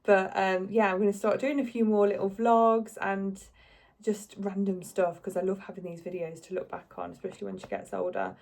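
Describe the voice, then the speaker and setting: A woman's voice: medium pitch, normal speed, a little mellow. A young woman telling her story in a chatty, emotional way to camera, with lots of fillers. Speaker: vlogger.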